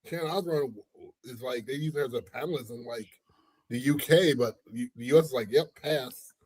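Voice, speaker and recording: A man co-hosting a casual gossip chat, drawling and laughing loudly. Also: mid-range voice, a little fast, slightly rough, dry recording, low-quality recording. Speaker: co-host.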